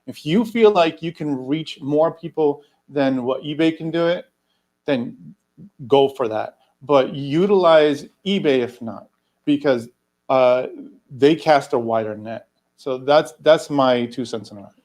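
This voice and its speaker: A man with an American accent co-hosting a livestream, giving calm, measured advice. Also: medium pitch. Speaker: livestream co-host. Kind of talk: casual livestream chat.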